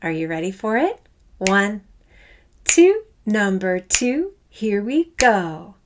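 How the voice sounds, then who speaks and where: Encouraging music teacher, slow and upbeat. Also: female voice, medium pitch, sing-song, noisy background. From Canada. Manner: enthusiastic, encouraging, speaks straight to the learner; draws out and stresses syllables while chanting fruit names. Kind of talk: children's music lesson.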